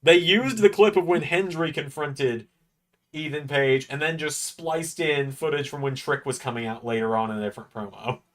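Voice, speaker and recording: A young man hosting a casual watch-along, chatty and knowledgeable with quick asides. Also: fairly high pitch. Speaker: host.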